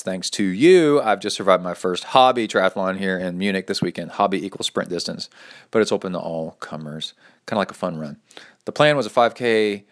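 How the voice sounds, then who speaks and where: Man, very deep voice, playful, casual podcast host, reads listener mail aloud. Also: a bit bright. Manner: chatty and playful, reads emails with dramatic flair and quick asides. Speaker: podcast host and triathlon coach.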